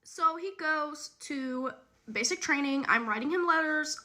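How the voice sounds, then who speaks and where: High, bright-voiced young woman confiding. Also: a little slow. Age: young adult. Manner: candid and chatty, talks straight to the viewer. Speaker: storyteller. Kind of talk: casual storytime chat.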